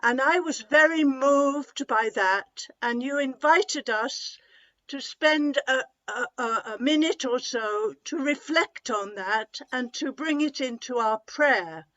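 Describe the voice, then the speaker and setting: Nun asking a question on zoom, high voice, super slow, lots of ums, muffled sound. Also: female voice, a bit bright. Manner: hesitant, earnest, many ums and repeated words. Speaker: religious sister asking a question. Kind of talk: asking a question on a video call. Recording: dull lo-fi video-call audio.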